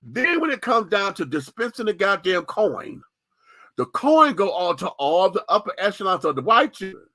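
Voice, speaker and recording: A man's voice: sits high, fairly bright tone, no room sound. A man hosting a radio show, speaking in impassioned, profane, sassy commentary.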